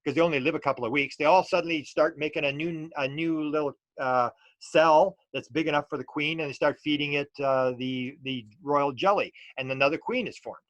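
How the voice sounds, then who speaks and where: A man's voice: fairly high pitch, fairly bright tone, no room sound. A middle-aged man, a UFO researcher talking as an interview guest and telling stories loosely with many restarts and fillers. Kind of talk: casual storytelling interview.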